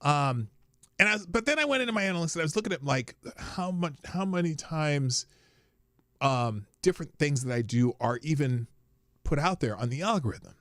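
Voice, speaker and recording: Rambling, animated male livestream host. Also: a little high, normal speed, no room sound, studio quality. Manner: rambling, frequent restarts, bursts of shouting. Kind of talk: casual solo livestream talk. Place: small home studio.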